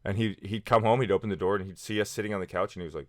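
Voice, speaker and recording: A man's voice: fairly low pitch, fairly even intonation, rapid-fire, dry recording, clean studio sound. A man in his thirties telling personal stories casually to camera, rambling with many fillers and restarts. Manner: acts out friends' lines in quoted voices. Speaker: vlogger.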